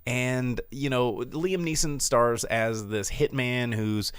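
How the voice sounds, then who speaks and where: A man's voice: medium pitch, steady tone, slow pace, smooth, no room sound, studio quality. A man hosting a podcast, reviewing a film in casual chat, rambling and sarcastic with lots of fillers and restarts.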